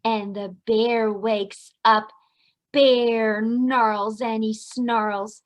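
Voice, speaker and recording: Woman, preschool teacher, reading a picture book aloud, slow, fairly high voice, expressive. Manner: slow, expressive read-aloud to young children.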